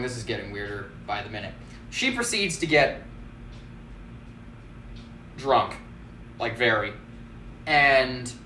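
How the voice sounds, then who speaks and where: A man's voice: fairly high pitch, far from the mic. Brief: male bar-owner host, chatty storyteller, recorded in a roomy space some way from the mic with faint background noise. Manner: animated, laughs often, acts out quotes. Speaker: bartender and host. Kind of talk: casual storytelling.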